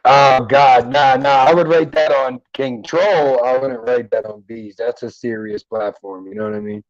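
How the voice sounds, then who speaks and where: A middle-aged man talks loosely and jokes with viewers while he hosts a livestream, swearing freely. His voice sits at an ordinary pitch. The sound is dry and close on a headset mic, with a slightly muffled, lo-fi tone. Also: fairly even intonation, moderate pace, dry recording. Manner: loose, joking, profane. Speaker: livestream host. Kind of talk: casual chat reading live comments. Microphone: headphones and mic at a computer.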